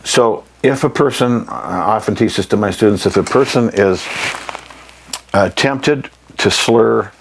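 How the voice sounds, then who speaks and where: A man with a very deep, low voice teaches jazz phrasing in a plain-spoken, emphatic way, often clearing his throat as he goes. A faint hiss of noise sits under the recording. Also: measured pace, rough recording. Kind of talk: instructional demonstration.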